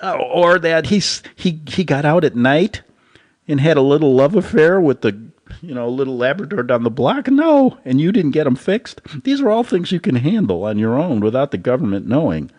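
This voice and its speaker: A male host delivers a loose, rambling commentary monologue. His pitch swings up and down constantly, and he keeps chuckling at his own jokes. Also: lively intonation, normal speed, a little mellow.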